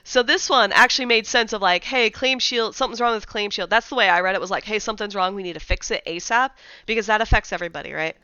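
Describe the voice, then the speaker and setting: A woman's voice: medium pitch, fast, sharp tone, smooth, no echo, muffled recording. A woman streaming live, chatting casually about game updates and greeting viewers in chat.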